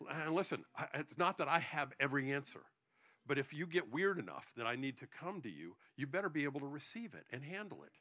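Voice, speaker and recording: A man's voice: medium pitch, sharp tone. A male pastor preaching a sermon to his congregation, joking between points and often restarting his sentences.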